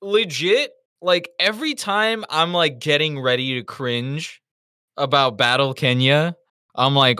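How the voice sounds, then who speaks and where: A man co-hosting a casual review podcast, telling stories in an animated, profane way. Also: fairly high pitch, unhurried, clear, resonant tone, dry recording, studio quality. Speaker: podcast co-host.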